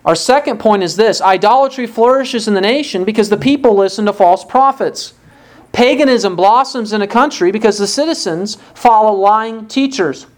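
A woman preaching an expository sermon, asking her listeners rhetorical questions and pausing for emphasis. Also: medium pitch, darkish tone.

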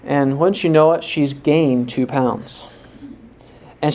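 A man's voice: on the high side, fairly even intonation, slow, long pauses, darkish tone. A man preaching a sermon with earnest conviction. He poses pointed rhetorical questions and tells a story to illustrate his point.

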